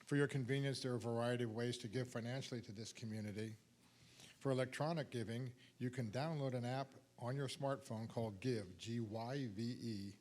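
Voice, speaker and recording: A man's voice: medium pitch, brisk, a little mellow. Friendly man giving church announcements. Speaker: service leader.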